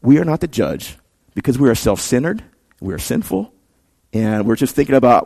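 A man's voice: mid-range voice, animated, normal speed, gravelly, dark tone. A man preaching a sermon as pastor, in a conversational way that swells into emphatic, rising peaks.

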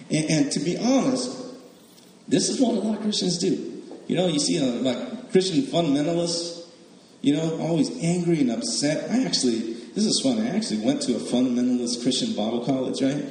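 Speaking fairly quickly in an animated, medium-pitched voice that's a little mellow, a man preaches conversationally and with humor. He frequently ends lines with "right?" to engage the congregation, and the long reverb of an echoey hall surrounds him.

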